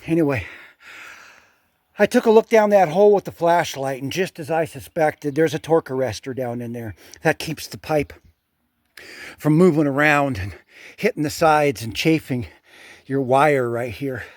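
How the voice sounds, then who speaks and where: A man's voice: on the high side, normal speed, darkish tone, no echo, clean studio sound. Older man, out of breath, plainspoken. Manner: plainspoken, thinking aloud while working. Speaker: handyman vlogger. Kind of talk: casual work vlog narration. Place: outdoors at a well.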